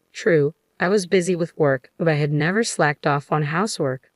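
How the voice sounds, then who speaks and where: A woman reads a first-person story in a steady, matter-of-fact way. Her voice is low, and the recording is dry and close with no room sound. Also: normal speed, dry recording. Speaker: story narrator. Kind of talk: scripted first-person narration.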